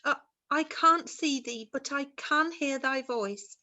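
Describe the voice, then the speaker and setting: A woman plays a ghostly young mother from long ago, begging in old-fashioned thee-and-thou speech. Her voice sits high and sounds bright and ringing. The delivery is earnest, like an amateur stage drama. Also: slow, full character voice. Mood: pleading.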